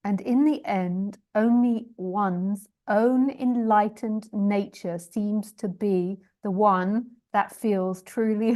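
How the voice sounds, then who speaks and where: A woman's voice: mid-range voice, steady tone, takes it slowly, hardly any pauses, darkish tone. A woman spiritual teacher on a live stream, reading viewer questions aloud in a chatty, self-deprecating way, often laughing and stumbling over long sentences.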